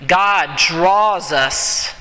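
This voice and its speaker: A man delivers an earnest sermon in a slightly high, very bright, forceful voice, repeating key phrases for emphasis. The sound rings with a long hall reverb. A faint hiss sits underneath. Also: extremely slow. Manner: earnest, repetitive emphasis, drops to a whisper on quotes. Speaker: preacher.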